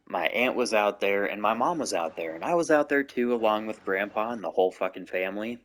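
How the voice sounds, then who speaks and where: Low-voiced man, swearing and rambling. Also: expressive, fairly quick, hardly any pauses, a bit bright. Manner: constant swearing, rambling asides. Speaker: gaming channel host. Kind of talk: casual storytelling to camera.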